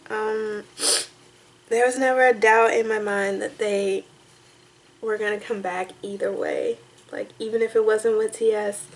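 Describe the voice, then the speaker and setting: Young woman, tearful, slightly high voice, halting rambling vlog talk. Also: rough recording. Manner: rambling, halting, restarts often. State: tearful, crying on and off. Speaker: vlogger reacting to music. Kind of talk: casual emotional talk to camera.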